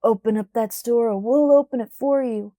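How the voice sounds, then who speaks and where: A woman reader voicing an angry crowd of workmen who shout demands, in a storybook reading. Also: high voice, slow, dry recording, clean studio sound, pitched above the performer's own voice.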